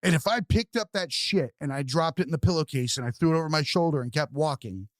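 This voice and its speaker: A man's voice: fairly high pitch, expressive, fast talker, no room sound. Candid male podcast host, dry close sound. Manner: candid, swears casually, repeats words while thinking. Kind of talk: casual conversation.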